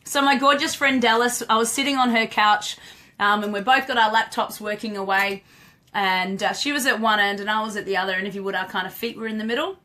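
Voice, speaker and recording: A woman's voice: medium pitch, fairly even intonation, fairly quick, bright, forceful tone. A woman, hosting a casual live stream as a dog trainer, chatty and laughing, greeting viewers by name.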